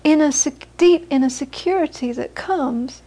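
A woman teaching Buddhism to a live audience, moving from lively anecdotal storytelling into quiet, reflective teaching. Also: sits high, moderate pace. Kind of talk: dharma talk to a live audience.

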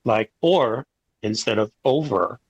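A man's voice: medium pitch, animated, takes it slowly, dry recording, rough recording. A man from a haiku group explaining syllable tricks in a joking, easygoing way. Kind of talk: casual group interview.

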